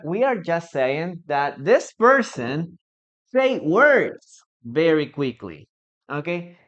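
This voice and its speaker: A teacher with a Spanish accent, a native Spanish speaker, gives a live English lesson at an unhurried, deliberate pace. The voice is smooth and even, and the teacher keeps checking in with the class. The sound is a little dull, like a compressed live stream. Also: mid-range voice. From Peru. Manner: patient, repeats examples, ends phrases with "okay?" and "no?". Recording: slightly muffled streaming audio.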